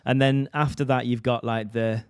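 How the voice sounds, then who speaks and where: A man's voice: mid-range voice, level tone, moderate pace, smooth, dry recording, studio quality. A man, co-hosting a podcast in casual, sweary, joking banter. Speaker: podcast co-host.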